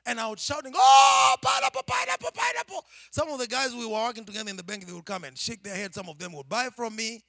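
High-voiced Kenyan man telling his testimony. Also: quick pace, creaky, few pauses, dry recording, clean studio sound. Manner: dramatic storytelling, swinging from hushed to shouting. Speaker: preacher. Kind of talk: personal testimony.

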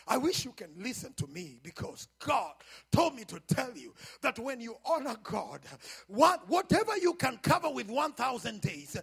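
A man preaching as a pastor, building from quiet teaching into shouted, half-sung exhortation and calls to the congregation. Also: very high-pitched, gravelly, husky. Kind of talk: sermon.

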